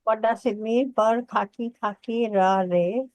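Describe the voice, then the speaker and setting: A woman's voice: fairly high pitch, fairly even intonation, unhurried, a little mellow, no echo, poor audio. A woman student in a language class, asking what words mean. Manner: inquisitive, asks for meanings.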